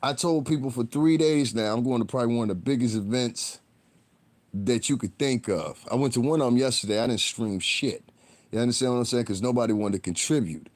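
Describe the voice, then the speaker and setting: A man's voice: mid-range voice, fairly quick. Blunt cursing male livestreamer. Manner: blunt, combative, heavy cursing; rambling, talks straight to viewers. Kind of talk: profane live-stream rant.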